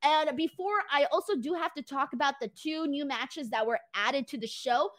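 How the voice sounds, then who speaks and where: A woman hosts a casual live recap of a wrestling show, reading viewer comments aloud. Her voice sits a little on the high side, and she talks in a rambling, conversational way, tossing in quick asides and casual swearing. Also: a bit bright.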